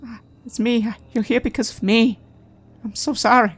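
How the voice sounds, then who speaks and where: A woman's voice: on the high side, steady tone, moderate pace, husky, pitched above the performer's own voice. A woman voicing a frightened, guilt-ridden young man who stammers and sobs as he pleads. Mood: hushed despair.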